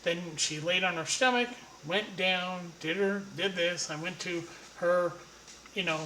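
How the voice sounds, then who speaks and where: A man's voice: high voice, a little slow, bright, forceful tone, roomy sound, slight background noise, poor audio. A man telling a casual anecdote in a blunt, profane, rambling way.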